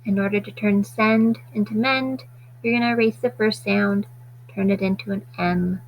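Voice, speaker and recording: A woman teaching a phonics lesson to children, stretching out sounds slowly and deliberately. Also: mid-range voice, steady tone, muffled recording, slight background noise.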